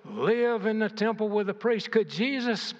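A man's voice: high-pitched, expressive, a little slow. An older man preaching a sermon, asking his congregation rhetorical questions and shifting his emphasis. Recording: dull, echoey church hall.

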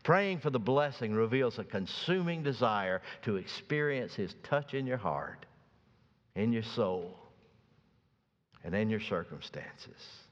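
A pastor preaching a sermon, swinging from soft, slow passages to loud, emphatic ones. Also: male voice, fairly low pitch, sing-song. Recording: dull sound with long reverb.

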